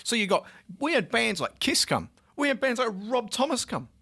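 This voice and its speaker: A man's voice: very high-pitched, big pitch swings, normal speed, pushed and bright, breathy edge. A young Australian man co-hosting a student radio chat show, talking with passion and indignation and laughing often.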